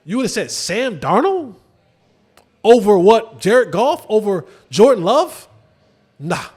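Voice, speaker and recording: A man hosting a sports show, talking casually about football with lively swings and rhetorical questions to viewers. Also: slow pace, breathy edge. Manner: animated, drops to low emphatic asides, rhetorical questions to viewers. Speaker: sports podcast host. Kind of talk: casual football commentary to camera.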